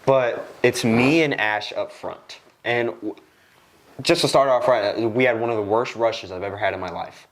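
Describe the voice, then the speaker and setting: A young man hosting a podcast in a studio, telling a casual work story and acting out the people in it with sudden jumps in his voice. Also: moderate pace. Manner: animated, acts out quoted lines with jumps in pitch. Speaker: podcast host.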